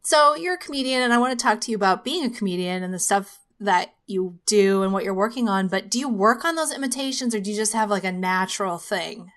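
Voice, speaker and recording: A woman's voice: mid-range voice, fast, hardly any pauses, a bit bright. A woman hosting a podcast, chatty and laughing easily as she asks her guest questions. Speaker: podcast host. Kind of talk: casual podcast conversation.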